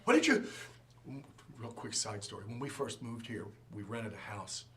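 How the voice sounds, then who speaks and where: A man teaching a Sunday school class, animated and joking, acting out quotes as he goes. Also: on the low side, moderate pace. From from outside the region. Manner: animated, jokes and acts out quotes.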